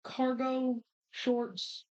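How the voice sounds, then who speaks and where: A young woman tells work stories in lively, animated bursts, her voice sitting a touch high. She is chatting casually as a podcast co-host. The recording sounds muffled and lo-fi. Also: clear, resonant tone. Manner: animated storytelling, quick bursts. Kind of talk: casual chat. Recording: muffled lo-fi audio.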